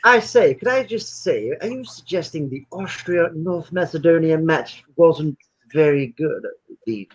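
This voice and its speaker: A man putting on the voice of a pompous upper-class English gentleman with plummy, old-fashioned phrasing during a live football watchalong. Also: very high-pitched, lively intonation, rapid-fire, hardly any pauses, breathy edge, pitched above the performer's own voice, full character voice, poor audio. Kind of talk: comic put-on voice in a live watchalong.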